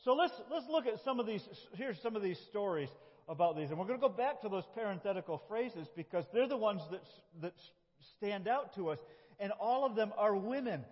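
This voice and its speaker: A man's voice: high voice, expressive, brisk. A middle-aged man from upstate New York, a pastor preaching a folksy, self-deprecating sermon with frequent laughs in a church. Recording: dull lo-fi sound with long hall reverb.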